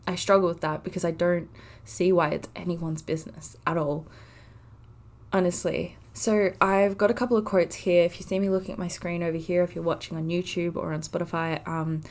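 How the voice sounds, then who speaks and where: A woman's voice: on the low side, flat delivery, normal speed. A woman in her twenties hosting a casual solo podcast, talking earnestly and from the heart with frequent "like" fillers. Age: 20s. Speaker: podcast host.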